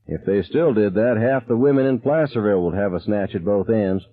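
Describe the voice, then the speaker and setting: A man's voice: fairly low pitch, a little fast, voice pushed up, lightly acted. A man voicing a drunk, wisecracking man at a hunting camp in a storybook reading, with joking, coarse talk. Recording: tinny, phone-like narrow sound.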